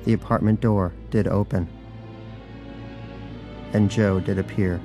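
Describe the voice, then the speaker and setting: Low-voiced man narrating a comic audiobook. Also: fairly even intonation, measured pace, over music.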